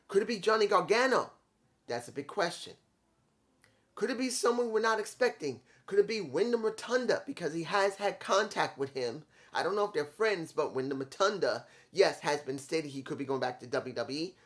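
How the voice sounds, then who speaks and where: A man reviewing a wrestling show on his own, emphatic and opinionated, repeating his points in short punchy lines. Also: fairly high pitch. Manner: opinionated, repetitive, emphatic rants. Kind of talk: solo video review.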